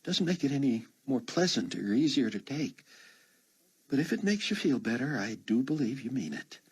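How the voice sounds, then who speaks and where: A man's voice: mid-range voice, sing-song, moderate pace, slightly rough, voice pushed up, full character voice. A man voicing a hurt, guarded grown woman in conversation. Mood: wary.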